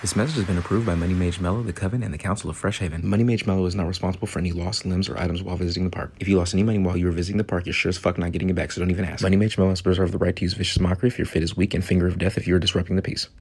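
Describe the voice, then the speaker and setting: A man's voice: fairly even intonation, vocal fry, darkish tone. A man voicing a brash, crude male mage in a parody campaign advertisement. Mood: hard-sell. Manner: brash, crude, rapid-fire pitch.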